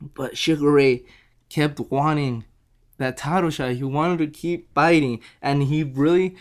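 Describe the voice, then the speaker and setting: A man's voice: a little high, steady tone, measured pace. Rambling young man retelling a book. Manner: rambling, repeats himself, acts out quotes. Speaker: book reviewer. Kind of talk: casual book review retelling.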